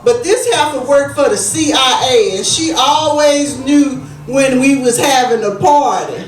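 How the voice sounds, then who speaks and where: A woman performs stand-up, her high voice rising as she acts out her relatives in an animated way. The recording catches her from a distance in an echoey room. Faint music sits underneath. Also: measured pace. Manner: animated, acts out family voices, Southern Black vernacular. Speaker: stand-up comedian. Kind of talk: stand-up comedy storytelling. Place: small comedy club stage.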